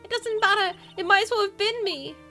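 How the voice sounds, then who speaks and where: A distraught young woman in a video game, voiced by a woman streamer, pleading and anguished as she blames herself. The voice rides high and bright. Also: a little fast, soft background music.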